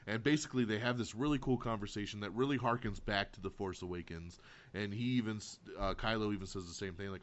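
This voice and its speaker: Host, male, lower-pitched, excitable and swearing, muffled podcast recording. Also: a little fast. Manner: animated, profane, excitable storyteller. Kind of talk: casual movie review chat. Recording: dull lo-fi podcast audio.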